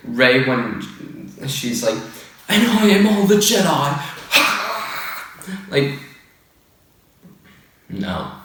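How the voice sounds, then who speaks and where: A man's voice: medium pitch, fairly bright tone. Rambling, exasperated man in an echoey room. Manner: rambling, filler-heavy, exasperated. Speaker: video host. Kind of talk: casual opinion rant. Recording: echoey room, far from the mic.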